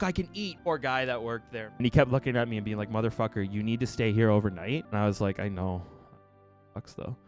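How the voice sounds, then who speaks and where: A man streamer telling a story in casual talk to his viewers, animated and profane, acting out the people in it. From Canada. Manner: animated, profane, mimics the doctor in raised pitch.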